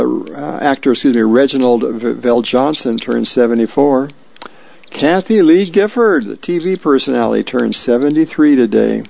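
A man reading the comics and birthday list aloud for a reading service, folksy and unhurried with small slips and asides. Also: mid-range voice, gravelly, a little mellow, no room sound. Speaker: volunteer newspaper reader. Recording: dull lo-fi radio recording.

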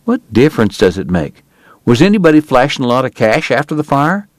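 A man voicing a blunt, stubborn frontier lawman who speaks in a steady, deliberate way. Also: mid-range voice, no echo, clean studio sound, pitched above the performer's own voice, natural voice.

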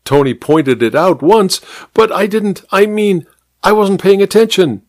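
Man voicing a vicar, nervous, stammering, high, jumpy pitch. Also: sing-song, unhurried, no echo, studio quality.

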